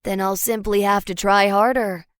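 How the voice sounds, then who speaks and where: A woman doing a smooth, flirty mystery man. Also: mid-range voice, steady tone, normal speed, dry recording, studio quality, lightly acted. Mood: flirtatious.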